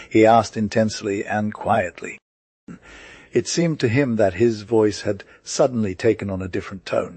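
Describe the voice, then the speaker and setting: A man narrating an audiobook with a steady, unhurried reading. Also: on the low side, slightly rough, dry recording.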